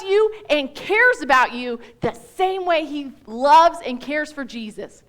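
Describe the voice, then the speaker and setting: A woman's voice: sits high, takes it slowly. A woman giving a church Bible teaching as guest speaker, talking emphatically in a chatty way that often breaks off mid-thought. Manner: animated, emphatic, chatty with self-interruptions.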